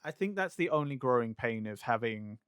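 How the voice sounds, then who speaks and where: A man's voice: mid-range voice, animated, fairly bright tone, smooth, dry recording. A man co-hosting a podcast, talking through his points at length in an easy, casual way. His voice sits close and dry on the microphone, with no room sound. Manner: explains at length, drawn-out phrasing. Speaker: podcast co-host. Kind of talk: casual chat.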